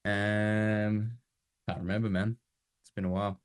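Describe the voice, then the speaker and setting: A man's voice: lowish voice, little pitch movement, unhurried, smooth, dry recording. A man playing a tired prospect on a sales call, laid-back and blunt, with fillers and swearing. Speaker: roleplay prospect.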